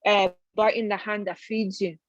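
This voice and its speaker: A woman's voice: mid-range voice, level tone, moderate pace, no room sound. A woman in her thirties with a Dublin accent, speaking earnestly and conversationally as a panelist on a video call. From Ireland. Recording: dry, dull video-call audio.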